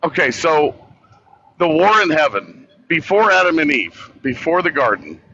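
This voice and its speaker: A man debating as a guest, halting and thinking aloud with frequent restarts. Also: fairly high pitch, very animated, bright, forceful tone, lo-fi sound, a little hiss or hum. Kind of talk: casual debate chat.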